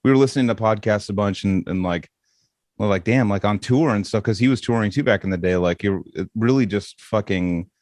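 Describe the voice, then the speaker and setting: A man's voice: lowish voice, fairly quick, a little mellow, dry recording, studio quality. A man guest on a podcast telling a story in casual chat, rambling with lots of "like" and heavy swearing.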